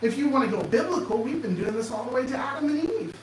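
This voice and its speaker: A man giving an animated motivational talk, firing off sarcastic rhetorical questions in a presentation room. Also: extremely high pitch, fast, slight background noise. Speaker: speaker. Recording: echoey room, distant mic, faint ambience.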